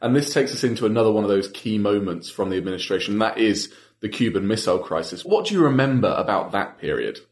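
Low-voiced man hosting an interview. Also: expressive, fast talker. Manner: prompting, attentive. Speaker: podcast host. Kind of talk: interview questions. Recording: roomy echoey room.

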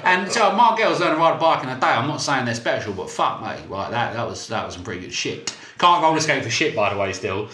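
A man, co-hosting a podcast and telling stories with lots of swearing and quick restarts. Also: mid-range voice, big pitch swings, sharp tone. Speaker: podcast co-host. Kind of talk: casual banter. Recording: echoey room, faint noise.

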